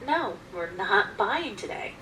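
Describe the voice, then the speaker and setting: A woman's voice: mid-range voice, sing-song, takes it slowly, bright, forceful tone, recorded from a distance, a little hiss or hum, exaggerated voice. A woman voicing her husband, who turns down offers in a dry, curt way. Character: flat unbothered husband.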